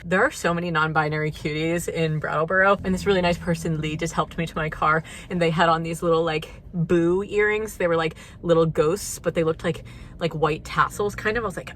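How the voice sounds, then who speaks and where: A young woman vlogger, breathless from walking uphill, chats casually to camera with plenty of "like" and "you know." Her voice is fairly low and a bit bright, and the poor recording has a little hiss or hum.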